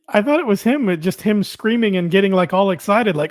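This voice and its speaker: A man's voice: high voice, fairly quick, dry recording, clean studio sound. A man co-hosting a casual wrestling podcast, wry and teasing as he asks his friend questions. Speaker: podcast co-host.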